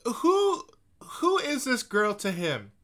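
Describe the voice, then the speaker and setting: A man's voice: extremely high pitch, wildly swooping pitch, slow pace, a bit bright. A man co-hosting a casual podcast, joking and bantering playfully about songs. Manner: joking, playful, bursts into silly put-on voices. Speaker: co-host.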